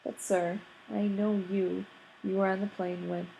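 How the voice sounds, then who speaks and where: A woman's voice: mid-range voice, level tone, unhurried, gravelly, dark tone, slight background noise, pitched above the performer's own voice, low-quality recording. A woman reading the part of an anxious, polite young American man who talks earnestly.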